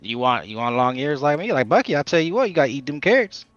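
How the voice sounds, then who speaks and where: A man's voice: fairly high pitch, expressive, fast, no room sound, soft background music, natural voice. Folksy drawling rabbit-man, stammers, chatty, played by a man, dull sound. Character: folksy rabbit-eared man, talkative charmer.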